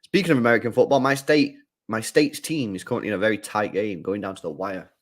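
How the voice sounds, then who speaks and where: A man's voice: fairly low pitch, fast talker. A man chatting casually as a football watchalong streamer, rambling and repeating his phrases for emphasis. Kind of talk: casual live-stream chat.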